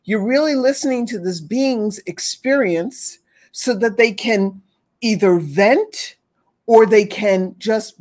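A slightly high, slightly mellow female voice belongs to an animal communicator appearing as a guest. Chatting casually, she earnestly and repeatedly explains her work, putting on pitying voices as she goes.

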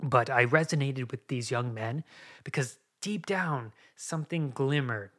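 A man's voice: medium pitch, unhurried, a bit bright. Earnest confessional man in his thirties. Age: 30s. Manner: earnest and confessional, repeats and restarts phrases. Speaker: podcast host. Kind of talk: personal recovery monologue.

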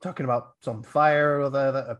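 A man's voice: mid-range voice, steady tone, fast, a bit bright, highs cut off. A male podcast host recapping a film in casual chat, rambling with fillers and acting out quotes.

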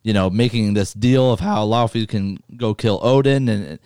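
Smooth low-voiced podcast guy. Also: normal speed, darkish tone, dry recording. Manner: easygoing, chuckles often, searches for words with "um". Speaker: podcast co-host. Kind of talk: casual movie-discussion chat.

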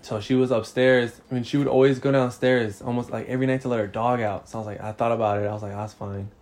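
A man's voice: mid-range voice, steady tone, quick pace, darkish tone. A young man co-hosting a casual podcast, his voice sitting in an ordinary middle range. He tells the story in loose slang and swears freely, often laughing as he talks. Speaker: podcast co-host.

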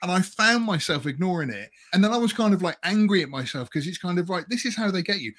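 A man's voice: high voice, lively intonation, fast, fairly bright tone. A man co-hosting a casual podcast chat about films, laughing often and telling things with animation. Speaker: podcast co-host reviewing films.

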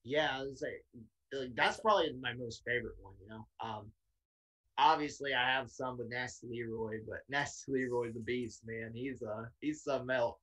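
A man's voice: medium pitch, normal speed, a bit bright. A young man, an independent wrestler, casually telling a story on a podcast, laid-back and cursing freely. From Tennessee, USA.

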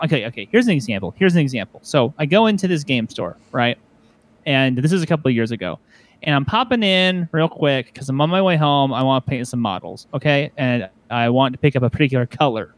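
A man co-hosting a casual podcast chat, telling a story with lots of swearing and mocking voices. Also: medium pitch. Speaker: podcast co-host.

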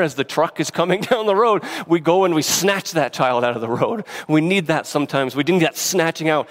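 A man's voice: a little high, fairly quick, few pauses. A man preaching a sermon in an earnest, emphatic way, often restarting his words. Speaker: pastor.

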